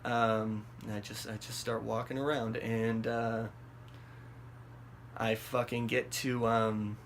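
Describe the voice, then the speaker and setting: A man's voice: fairly low pitch, takes it slowly, slight background noise. A man telling a wild story in a loose, rambling way, swearing often and piling up fillers. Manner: rambling and profane, many fillers and restarts; animated, voice jumps up when acting out his own panic. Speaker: vlog host telling a story. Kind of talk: casual storytelling.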